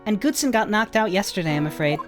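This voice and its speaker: A woman's voice: mid-range voice, expressive, fast, over music, lightly acted. A woman voicing a cheerful young female police officer, talking in a bubbly, swooping way. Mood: upbeat.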